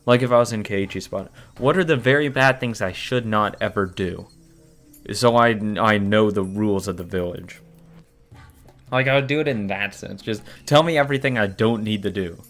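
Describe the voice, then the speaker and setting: A man with a fairly low voice chats through a visual novel reading. He is offhand and sarcastic and swears now and then. Faint music sits in the background. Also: normal speed, a bit bright. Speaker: let's play reader. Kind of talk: casual reading commentary.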